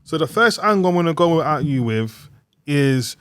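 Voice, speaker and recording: Man, podcast host, measured, structured questions, slightly high pitch, dry. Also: animated, a bit bright, smooth, no room sound. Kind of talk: casual podcast chat.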